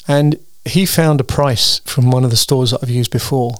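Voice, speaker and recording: A man's voice: medium pitch, fairly even intonation, normal speed, dry recording, clean studio sound. A tired man hosting his weekly solo show, chatting in a meandering way with frequent ums and restarts. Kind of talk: casual rambling monologue.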